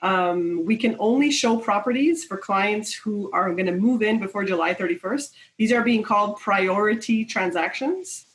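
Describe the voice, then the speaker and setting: A woman broker from Canada, talking in a relaxed, conversational way as a remote guest on a livestream. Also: mid-range voice, moderate pace, few pauses, rough recording. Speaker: real estate broker, guest.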